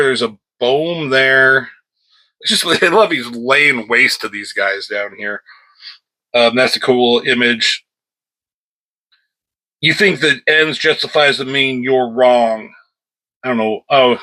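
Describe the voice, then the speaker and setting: A man's voice: mid-range voice, pushed and bright, rough recording. A man reviewing a comic book at home in an offhand, rambling chat, breaking off now and then to scold his cat.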